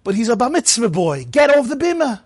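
A man's voice: extremely high pitch, very animated, fairly quick, husky, no echo, clean studio sound, pitched above the performer's own voice, heavily acted. A man voicing an impatient synagogue official who scolds in a curt, raised voice. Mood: scolding.

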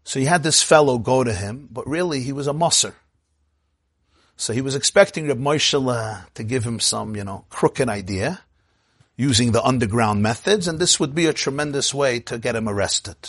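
A man, a rabbi, telling a story in a sermon, animated and acting out the quotes, swinging from quiet murmurs to exclamations. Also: mid-range voice, moderate pace, breathy edge, no echo, studio quality.

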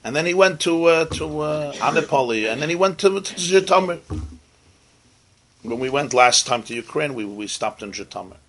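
Brief: male rabbi, bright and lively storyteller, mixes in Hebrew and Yiddish words. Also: a little high, moderate pace, slight background noise. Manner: animated storyteller, sprinkles Hebrew and Yiddish terms. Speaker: rabbi teaching. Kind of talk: storytelling sermon.

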